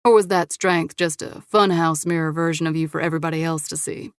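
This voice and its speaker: A woman's voice: sits low, steady tone, brisk, clear, resonant tone, no room sound, clean studio sound, lightly acted. A woman voicing a menacing, smirking male killer in an audiobook, taunting and cold. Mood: mocking.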